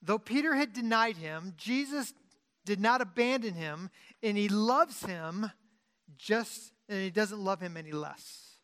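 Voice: medium pitch, expressive, unhurried. Conversational preacher, often correcting himself. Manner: shifts between loud emphasis and quiet asides. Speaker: pastor. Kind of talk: sermon.

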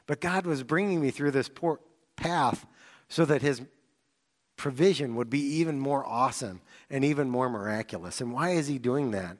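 A young man preaching a sermon, telling a personal story in an animated way, with sudden excited outbursts. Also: mid-range voice. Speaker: pastor.

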